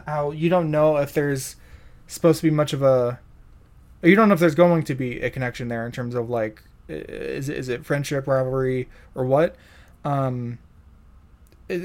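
A man in casual chat who talks haltingly, with many fillers and restarts. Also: a little high.

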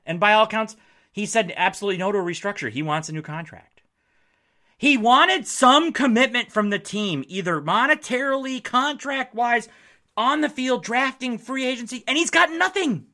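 A man hosting a podcast, giving casual sports commentary in a blunt way, swearing freely and acting out what others say. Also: extremely high pitch. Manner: animated, blunt, swears freely, acts out quotes. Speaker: podcast host.

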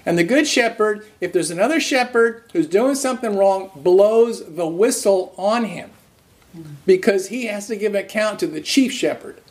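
A man preaching an earnest sermon, restarting phrases and slowing to stress key words. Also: high voice, lively intonation. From raised Roman Catholic.

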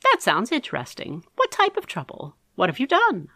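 A woman's voice: mid-range voice, huge pitch swings, moderate pace, sharp tone, no room sound, clean studio sound, heavily acted. A woman doing a flamboyant, playful uncle. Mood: jovial. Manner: theatrical, flamboyant. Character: eccentric, playful middle-aged uncle.

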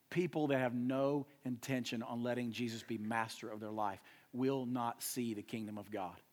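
His mid-range voice carries a sermon as this young adult pastor shifts back and forth between quiet, hushed moments and loud, emphatic peaks.

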